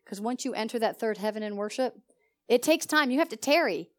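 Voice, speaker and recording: A woman pastor teaching a sermon to her congregation in an animated, conversational way, often putting questions to the listeners. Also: a little high, a little fast. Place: church service.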